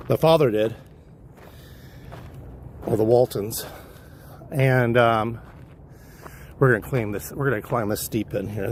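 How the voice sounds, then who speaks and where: A man's voice: mid-range voice, slight background noise. A man livestreaming while hiking a trail, casually telling a wandering, profane story. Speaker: livestream vlogger. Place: outdoor hillside trail.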